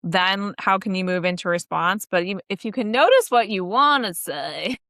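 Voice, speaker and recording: A woman's voice: mid-range voice, expressive, normal speed, a bit bright, dry recording, clean studio sound. A woman co-hosting a podcast, talking in a reflective, coaching way with casual fillers. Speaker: podcast co-host. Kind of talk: casual chat.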